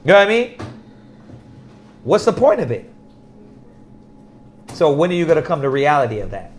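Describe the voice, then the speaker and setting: A man preaching in a casual, animated storytelling manner, often laughing and dropping to a soft voice when quoting people. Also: fairly high pitch, normal speed, slight background noise. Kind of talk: casual religious teaching.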